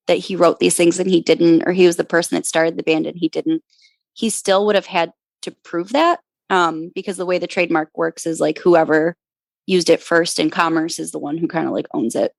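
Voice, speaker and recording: Gravelly-voiced woman explaining plainly. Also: lowish voice, steady tone, moderate pace, dry recording. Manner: matter-of-fact explaining. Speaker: ska band member, guest. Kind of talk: casual podcast interview.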